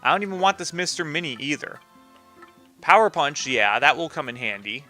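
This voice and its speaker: A man talks through a video game with offhand, self-mocking commentary and casual swearing. His voice is bright and a little high, with faint game music playing behind it. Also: big pitch swings, a little fast. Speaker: let's play gamer.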